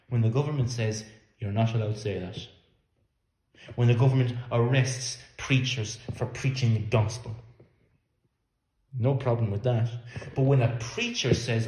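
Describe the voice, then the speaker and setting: A man's voice: medium pitch, moderate pace, mellow, a little hiss or hum. A man preaching a sermon in an earnest, emphatic way, sometimes repeating words as he works through a point. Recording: echoey room.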